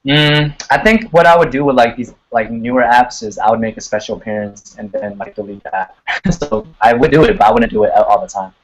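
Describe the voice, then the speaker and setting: A man's voice: medium pitch, brisk, low-quality recording. A man, a singer and guest, chatting casually on a live video call in a laid-back way, cursing now and then and often laughing. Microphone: computer on a video call.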